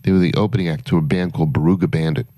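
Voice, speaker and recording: Deep-voiced man telling concert stories. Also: fairly even intonation, very fast, mellow, no echo. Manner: rambling anecdotes with many fillers. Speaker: concert promoter guest. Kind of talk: casual radio storytelling.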